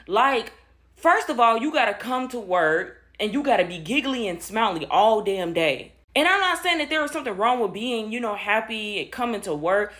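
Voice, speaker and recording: A woman with a fairly high voice vents to camera in loose, slangy talk. She sounds exasperated and blunt, peppering her lines with "bro". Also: lively intonation, moderate pace, a bit bright. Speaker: social media commentator. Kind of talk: casual rant to camera.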